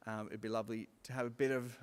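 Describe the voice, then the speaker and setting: A man's voice: medium pitch, level tone, fast, clear, resonant tone. A man giving a lightly joking, upbeat welcome speech as master of ceremonies, speaking into a microphone in a large school hall. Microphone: microphone on a stage. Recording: long hall reverb.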